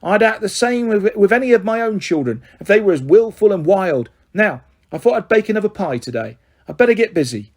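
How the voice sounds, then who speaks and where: A man's voice: high voice, sing-song, fairly quick, hardly any pauses, pitched above the performer's own voice, exaggerated voice. Man doing a bossy, motherly housewife. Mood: proud. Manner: fussing, stern and proud.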